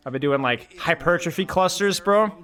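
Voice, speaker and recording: A young man hosting a live co-stream, trading animated jokes with his chat between reads of the match. His voice is bright and slightly high for a man. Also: normal speed, faint music behind. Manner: animated, joking, talks straight to chat. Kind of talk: casual live-stream commentary and chat banter.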